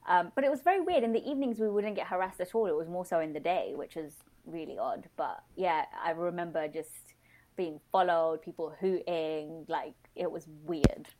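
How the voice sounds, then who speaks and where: Woman, podcast guest, chatty, animated, slightly low voice. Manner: chatty, animated, quick to laugh. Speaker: podcast guest, blog founder. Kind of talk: casual podcast chat.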